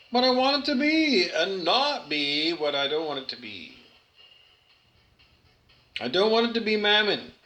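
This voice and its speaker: Man, high voice, unhurried, earnest spiritual monologue, repetitive. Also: sharp tone. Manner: earnest, repetitive, with stumbles and restarts.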